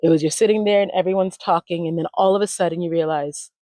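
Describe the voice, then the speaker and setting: A woman in her forties being interviewed, telling animated stories and acting out quoted voices. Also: lowish voice, fast, no room sound. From United States. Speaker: language retreat founder, interview guest. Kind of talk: conversational interview storytelling.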